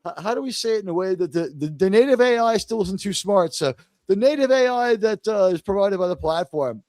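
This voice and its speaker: A man in his fifties hosting a casual live stream, excitable and rambling as he greets viewers one by one. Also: high voice, a little fast, no echo.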